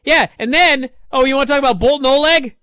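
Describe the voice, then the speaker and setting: A man co-hosting a casual podcast, ranting in an animated, exasperated way and mocking lines by reading them aloud. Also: very high-pitched, fast, dry recording, clean studio sound. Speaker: podcast co-host. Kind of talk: casual wrestling discussion.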